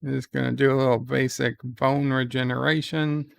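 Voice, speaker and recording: A man giving casual live commentary on a TV episode, loosely recapping scenes and reading viewer chat questions aloud, thinking out loud as he answers. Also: mid-range voice, level tone, normal speed, vocal fry, dry recording. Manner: thinks out loud with fillers and restarts.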